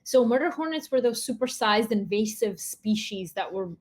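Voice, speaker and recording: A woman's voice: mid-range voice, lively intonation, moderate pace. A woman co-hosting a podcast, reading news items in a wry, matter-of-fact casual chat. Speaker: podcast co-host.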